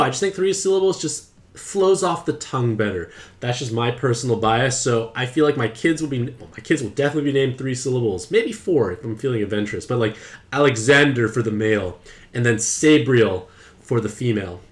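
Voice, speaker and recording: Chatty, playful young man streaming a game. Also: mid-range voice. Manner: chatty and playful, excited outbursts. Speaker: gaming streamer. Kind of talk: casual game commentary to live chat.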